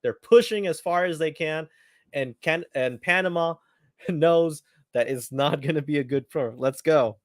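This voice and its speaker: A man with a slightly high voice, speaking a little slowly, hosts a live football watchalong, reacting eagerly and chatting casually. He often repeats his phrases. The sound is studio quality with no echo.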